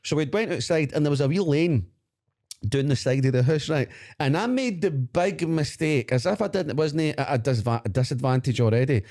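A Scottish man co-hosting a podcast, chatting casually as an animated storyteller who laughs often and swears. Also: on the high side, normal speed. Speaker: podcast co-host. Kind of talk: casual chat.

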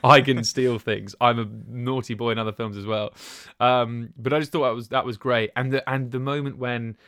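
A man's voice: mid-range voice, little pitch movement, brisk, a bit bright, smooth, dry recording, studio quality. A man co-hosting a casual podcast chat, talking in a rambling, enthusiastic way. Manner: rambling, enthusiastic, many restarts and fillers. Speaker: podcast co-host.

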